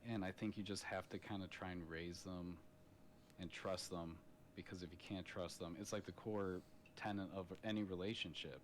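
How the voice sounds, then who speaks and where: Over a slight hiss or hum, this low-pitched, steady-toned man speaks at normal speed into a podcast microphone. He's a father in his thirties, swapping blunt, profane stories in relaxed podcast conversation.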